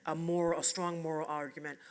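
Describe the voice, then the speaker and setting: A woman moderating a question-and-answer session, briskly steering the questions. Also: sits low, little pitch movement.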